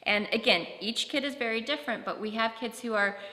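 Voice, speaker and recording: A woman's voice: fairly high pitch, brisk, pushed and bright. A woman giving a conference talk, conversational, with frequent fillers and restarts. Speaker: presenter on autism. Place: conference hall. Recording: echoey hall with long reverb.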